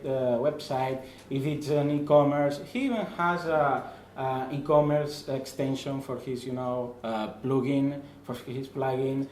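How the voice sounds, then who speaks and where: A man with a Spanish accent gives an informal, self-deprecating presentation at a meetup, stopping often to restart his sentences. His voice sits at a middle pitch. The room around him is roomy and echoing, with a faint hiss underneath. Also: darkish tone. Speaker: guest speaker. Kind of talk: presentation talk. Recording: roomy echo, faint noise.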